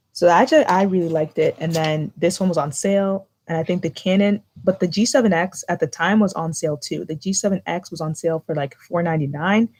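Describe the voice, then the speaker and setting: Young woman vlogger, casual live chat, low-ish pitch, chatty and full of fillers. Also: darkish tone. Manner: chatty, filler-heavy with lots of "like".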